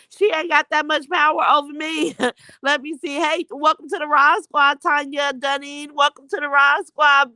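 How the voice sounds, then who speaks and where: A woman's voice: sits high, sharp tone, dry recording, rough recording. A woman hosting a casual gossip livestream, reading viewer comments aloud with sassy, mocking commentary and laughter.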